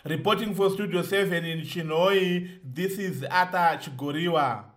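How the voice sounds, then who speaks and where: High-voiced male field reporter. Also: moderate pace. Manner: formal, reading from a script. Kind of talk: scripted news report sign-off.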